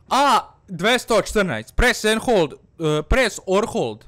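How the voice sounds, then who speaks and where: A man with a high-pitched voice narrates a horror game as a comedic persona. He slips between halting English and his own language, swearing and muttering under his breath. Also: sing-song, a bit bright. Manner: broken English mixed with Bosnian, frequent swearing, nervous muttering. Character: fearless-boasting Balkan village man persona. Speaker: gaming channel host. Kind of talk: comedic let's-play commentary.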